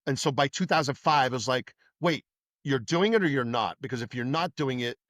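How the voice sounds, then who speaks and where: In a relaxed podcast interview, a former New York police detective in middle age shares lively stories from the job, performing the dialogue of the people involved. His pitch is mid-range for a man and his pace runs a little fast. The sound is dry and close, with no room sound or echo.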